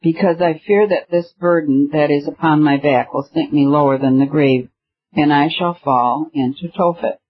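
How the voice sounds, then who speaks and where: Earnest pleading pilgrim, slightly high and husky, read by a man. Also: moderate pace, dull audio, lightly acted. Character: anxious burdened male pilgrim, earnest.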